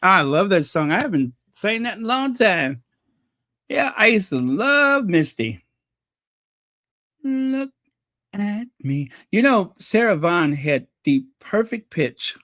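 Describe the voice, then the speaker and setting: A man's voice: sits high, big pitch swings, a little slow, bright, forceful tone, dry recording, studio quality. A man hosting a casual livestream, reading viewers' messages aloud in a chatty, apologetic way and laughing nervously. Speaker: channel host reading live chat.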